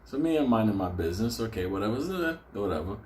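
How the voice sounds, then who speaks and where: Profane rambling male storyteller, low voice. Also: animated, fast, warm tone, a little hiss or hum. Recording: roomy echo.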